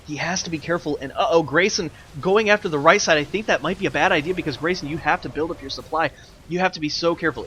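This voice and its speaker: A young man giving heated, ranting commentary on a strategy game match, swearing and shouting advice at the players. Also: on the high side, slight background noise. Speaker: game caster.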